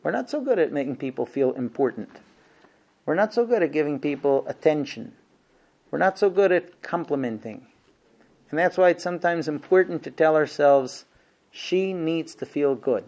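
A man's voice: on the high side, moderate pace. A man teaching a marriage class to other men, making earnest points and then acting out household scenes with playful humor. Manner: lively, acts out husband and wife exchanges with humor; shifts between quiet earnest points and loud playful asides. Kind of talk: lecture to a class.

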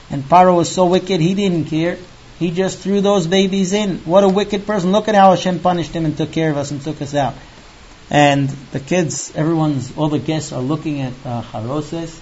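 A man teaching a religious text line by line. He chants the Hebrew quickly, then explains it plainly and emphatically, speaking straight to the listener. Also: on the high side, darkish tone, lo-fi sound, a little hiss or hum. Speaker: Torah teacher.

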